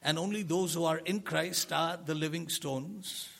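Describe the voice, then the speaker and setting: A man's voice: a little high, unhurried, creaky, fairly bright tone. A man preaching a sermon in an earnest way, asking rhetorical questions and swelling into emphasis.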